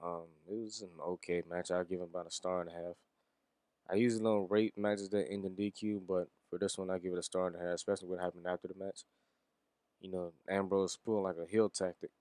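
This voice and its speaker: A man's voice: deep voice, level tone, fast, darkish tone, clean tone, dry recording. A man giving a casual, rambling wrestling review, swearing and chuckling as he goes.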